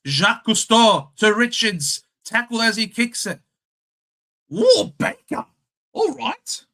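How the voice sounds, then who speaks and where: A young Australian man hosting a casual live watchalong, calling the game and chatting with viewers, shouting at the big plays. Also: sits high, expressive, unhurried. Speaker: live stream host.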